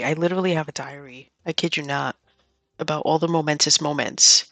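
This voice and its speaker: A young adult woman streaming a cozy game, chatting casually and getting excitable as she plays. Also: deep voice, brisk, dry recording. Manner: chatty, excitable, bursts into squeals and whispers. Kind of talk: casual gameplay commentary.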